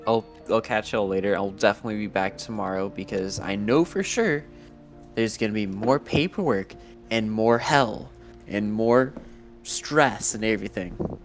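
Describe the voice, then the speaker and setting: A man chats on a live stream's voice call with a fairly low voice. He sounds tired and jokes at his own expense, with faint music under the stream. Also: moderate pace. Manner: tired, self-deprecating joking. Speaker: stream guest. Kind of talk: casual chat.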